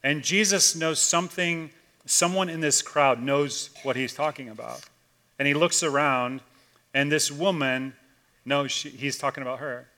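A man, a pastor, preaching a conversational sermon and telling a story casually, swinging between loud and hushed. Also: on the high side, a little slow.

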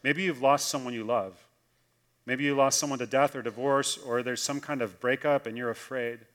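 A man preaching a sermon as pastor, telling stories and slowing down to drop softly on the key lines. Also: mid-range voice, steady tone. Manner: storytelling, slows for emphasis and drops soft on key lines.

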